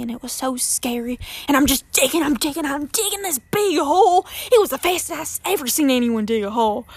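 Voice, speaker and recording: A woman's voice: sits high, fairly quick, no room sound. A woman guest telling a story casually and dramatically, repeating phrases for effect.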